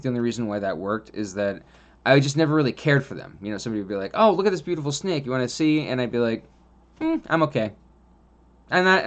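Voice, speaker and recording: A man talking casually about caring for pets, rambling with many fillers and restarts and laughing often as he tells stories. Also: medium pitch. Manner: chatty storyteller, laughs often. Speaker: vlogger on pet reptile and spider care. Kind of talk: casual monologue.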